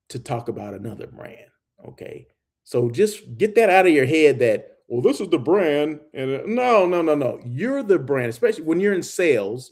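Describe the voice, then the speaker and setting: A middle-aged man hosting a live-streamed hospitality talk show, animated and emphatic, always checking in with "okay?" and "right?". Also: fairly high pitch. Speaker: host of a daily hospitality show.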